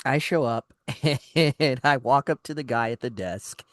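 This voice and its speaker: A radio talk show co-host with a medium-pitched voice speaks unhurriedly in a clean studio with no echo. In casual chat, he tells a long, exasperated story, acting out the dialogue and often restarting his sentences.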